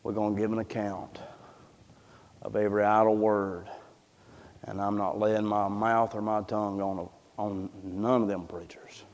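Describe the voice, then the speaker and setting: A man voicing an old revered preacher with a gravelly voice, speaking low and slow, with long hall reverb. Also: little pitch movement, a little mellow. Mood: solemn.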